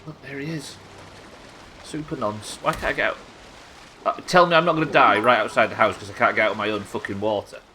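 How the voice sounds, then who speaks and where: A man's voice: mid-range voice, a little fast, bright, forceful tone, low-quality recording. A young man streaming a game live, chatting to viewers and thinking aloud as he plays, swearing freely. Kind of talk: live gameplay commentary.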